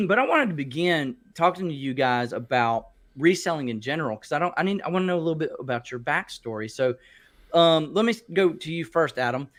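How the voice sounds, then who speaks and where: A man's voice: a little high, expressive, brisk, fairly bright tone. A man hosting a casual online panel chat, chatty and reading viewer comments aloud over a video call. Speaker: show host.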